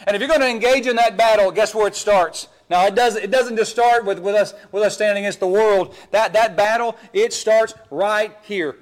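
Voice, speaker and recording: A man preaching a sermon as pastor, emphatic and animated, often repeating words as he swings between loud pushes and hushed asides. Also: high-pitched, moderate pace, few pauses.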